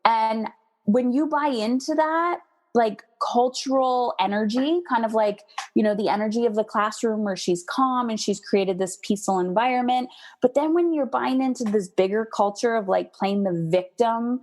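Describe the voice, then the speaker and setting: A woman being interviewed as a parenting coach, talking candidly and in an animated way, and often acting out her own past words. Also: a little high, normal speed. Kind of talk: conversational interview.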